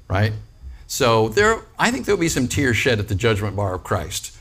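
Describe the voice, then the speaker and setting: Lively, animated man preaching a sermon. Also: on the low side, moderate pace, slightly rough. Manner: conversational, with joking asides and frequent "Amen?" and "right?". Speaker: pastor.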